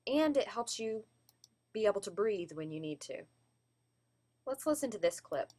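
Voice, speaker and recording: A woman's voice: medium pitch, sing-song, normal speed, a little mellow. A woman giving a class presentation on vocal delivery, explaining and demonstrating word emphasis. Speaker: student presenter.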